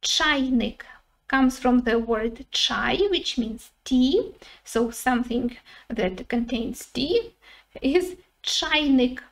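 Lady teaching words, slow and patient, repeats stuff a lot. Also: high voice. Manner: repeats each word slowly, with many "uh"s. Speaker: language teacher. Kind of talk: vocabulary lesson.

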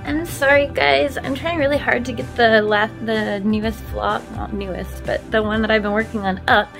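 A woman's voice: fairly high pitch, steady tone, normal speed, gravelly, over music. Chatty, self-deprecating woman vlogging at home. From Canada. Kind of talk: casual vlog chat to camera. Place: at home, moving between rooms.

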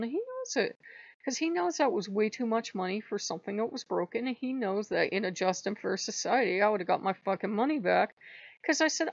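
An agitated woman rants close to the mic, her voice gravelly with fry. She is near tears, repeats herself and swears freely. The sound is dull and dry, with no room around it. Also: medium pitch, expressive, a little fast, no echo. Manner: upset, venting, swears often, rambling with repeats. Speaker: channel host. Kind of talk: emotional personal vlog rant.

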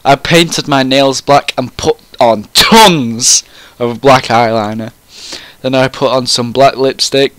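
A man's voice: mid-range voice, slow, fairly bright tone, dry recording. A man reading a fan story aloud in a comic, mock-serious way, often breaking into laughter.

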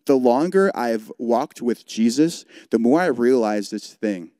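A young male youth pastor tells a personal story in a sermon, his voice mellow and warm. He talks in an earnest, conversational way, dropping in "like" often. The sound is close and dry. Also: medium pitch, lively intonation, a little slow, dry recording. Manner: earnest, conversational, frequent "like" fillers. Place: church service broadcast.

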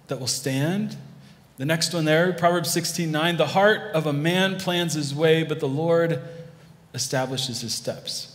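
Male pastor, conversational preaching with restarts, slightly high voice, reverberant sanctuary sound. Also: fairly bright tone. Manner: conversational, with many restarts and asides to the congregation. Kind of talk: sermon. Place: church hall. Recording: long hall reverb.

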